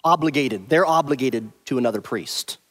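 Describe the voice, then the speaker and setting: A man's voice: medium pitch, moderate pace, a bit bright. A man teaching through a Bible passage verse by verse, stressing and repeating his key points emphatically.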